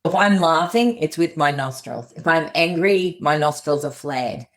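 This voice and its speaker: Podcast guest: middle-aged woman, earnest, plainspoken, slightly low voice. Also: animated, measured pace. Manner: earnest, plainspoken, acts out dialogue in quotes. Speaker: guest psychologist. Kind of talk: podcast interview.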